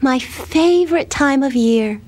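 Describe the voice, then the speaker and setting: A woman voicing a shy, dreamy little girl who talks softly and hesitantly in a storybook reading. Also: high voice, animated, measured pace, voice pushed up. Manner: soft, timid and hesitant.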